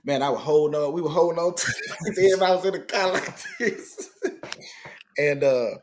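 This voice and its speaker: A man's voice: a little high, fairly quick, a little hiss or hum. A middle-aged man, a guest telling a story in casual conversation and acting out the people he quotes. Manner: animated retelling, acting out quoted dialogue.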